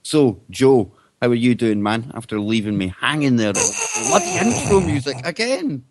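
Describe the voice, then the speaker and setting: A man's voice: medium pitch, wildly swooping pitch, normal speed, no room sound. A man hosting an internet radio talk show, upbeat and jokey as he welcomes guests.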